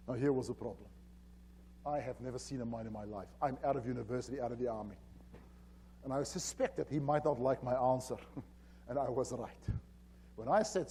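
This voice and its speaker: A man telling an animated story on stage at a conference, acting out the dialogue. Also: mid-range voice, fairly quick, slight background noise. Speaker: conference keynote speaker. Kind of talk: storytelling presentation. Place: conference hall.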